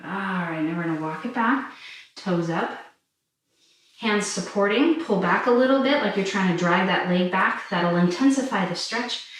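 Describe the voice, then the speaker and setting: A woman fitness instructor calmly talking listeners through a stretching cool-down while doing it herself. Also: medium pitch, moderate pace. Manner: calm, encouraging cues while demonstrating stretches. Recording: very echoey room, mic far off.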